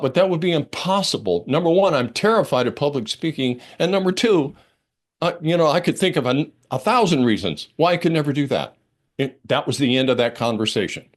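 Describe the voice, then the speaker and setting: An older man preaches at a church service with a mid-range voice, neither high nor low. He tells a personal story in a relaxed, conversational way, with fillers and restarts. He swings between a quiet hush and lively excitement. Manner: expressive, dramatic storytelling with big swings between hushed and excited. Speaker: minister.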